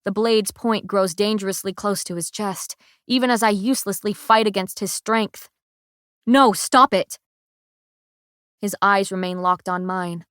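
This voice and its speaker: A woman narrating a first-person audiobook in a measured, emotional way. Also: medium pitch, fairly even intonation, smooth, no echo, clean studio sound.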